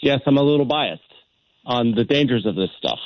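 A man's voice: medium pitch, expressive, normal speed, dry recording. A man taking part in a radio call-in discussion, pushing back on the caller with short replies. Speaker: radio show guest. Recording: muffled radio broadcast.

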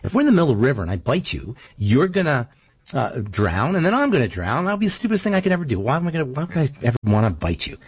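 A man voicing a male scorpion who talks fast and persuasively. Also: mid-range voice, huge pitch swings, husky, muffled recording. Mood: coaxing. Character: smooth-talking male scorpion.

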